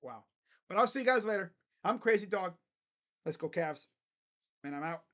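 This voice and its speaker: A young man hosting a casual live basketball reaction, joking bluntly and crudely with sudden loud bursts. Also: sits high, expressive, moderate pace. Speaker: sports channel host. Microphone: webcam setup.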